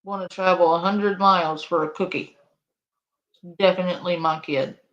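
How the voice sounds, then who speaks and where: A woman's voice: fairly low pitch, steady tone, normal speed, dull audio. A woman streamer giving casual live reaction commentary, amused and laughing often.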